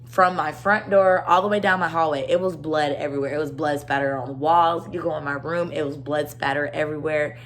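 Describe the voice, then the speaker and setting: At her own home, a young woman vlogger tells a personal story in an earnest, rambling way, saying "like" constantly. Her voice is deep and fairly even in intonation, and she talks a bit fast with hardly any pauses.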